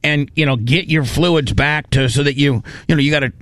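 A man's voice: a little high, brisk, a bit bright, slight background noise. A man hosting a talk radio show, chatting loosely with many fillers and jokes. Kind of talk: casual talk radio banter.

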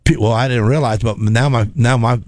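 Man, storyteller, animated, dry close sound, repeats words when excited. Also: medium pitch, fairly quick, no room sound. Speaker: former race car driver telling stories. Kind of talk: casual storytelling chat.

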